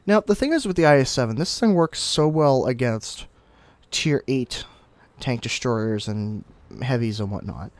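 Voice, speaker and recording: A young man giving casual, explanatory commentary over his own gameplay, breaking into sudden excited outbursts now and then. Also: medium pitch, unhurried, no room sound. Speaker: gaming commentator.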